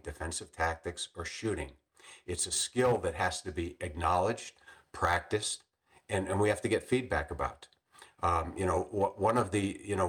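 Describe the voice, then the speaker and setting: This low, fairly bright voice belongs to an elderly retired police captain spinning stories for a podcast interview. He keeps restarting his sentences and frequently clears his throat.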